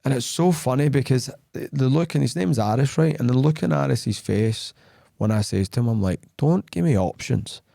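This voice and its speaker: Gravelly, blunt-talking man podcast host. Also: medium pitch, fairly quick, dry recording, clean studio sound. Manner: animated storytelling, acting out quoted dialogue; blunt, plain-spoken. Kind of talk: casual podcast chat.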